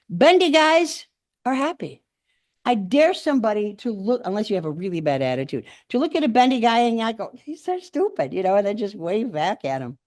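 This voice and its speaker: Her mid-range voice recorded at studio quality with no echo, an older woman delivers a humorous speaking-club speech in a meeting room. She's an animated storyteller who acts out the quotes.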